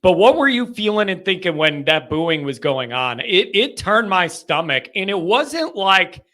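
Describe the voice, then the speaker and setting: A man's voice: sits high, big pitch swings, a little slow, few pauses, pushed and bright. A male host of a live sports call-in show, talking in a frustrated, rambling way with many restarts. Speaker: podcast host.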